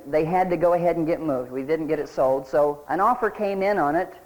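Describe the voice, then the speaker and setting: A man's voice: on the high side, a little fast, rough recording. Folksy man giving a sales seminar. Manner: folksy, anecdotal, asks the audience questions. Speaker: real estate sales trainer. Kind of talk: recorded seminar lecture.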